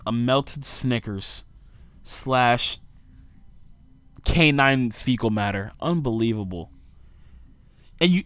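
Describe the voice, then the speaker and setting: A young man rants through a solo podcast, sarcastic and rambling, sounding worn out. His voice sits at an ordinary male pitch. The recording is close and dry, with no room echo. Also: a bit bright. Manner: sarcastic, rambling rant with frequent asides. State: tired. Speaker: podcast host.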